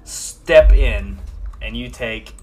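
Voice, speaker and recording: A man's voice: mid-range voice, extremely slow, dark tone, a little hiss or hum. A man narrating as game master of a tabletop game, loose and rambling with many fillers.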